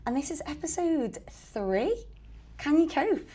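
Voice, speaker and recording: Chatty young woman hosting, higher voice. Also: very animated, unhurried, warm tone. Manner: chatty, asks questions, leads the talk. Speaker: podcast host. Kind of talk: casual chat podcast.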